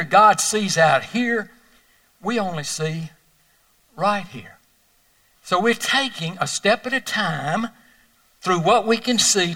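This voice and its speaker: An older man preaching a sermon, telling folksy personal stories that swing between loud emphasis and hushed moments. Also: high voice, distant mic, rough recording. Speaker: pastor.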